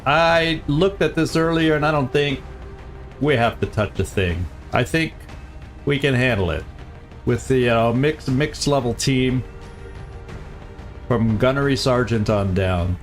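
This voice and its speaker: A man's voice: medium pitch, unhurried, faint music behind. A man hosting a live game stream, chatting casually and easily, often chuckling and repeating his phrases.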